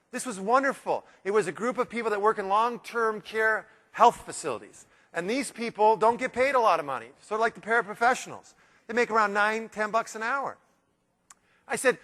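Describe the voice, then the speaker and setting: A man giving a live motivational keynote, playful and animated, acting out quoted voices as he works the room. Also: high-pitched. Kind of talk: live keynote speech with audience interaction. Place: large hotel conference room. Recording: long hall reverb in a big room.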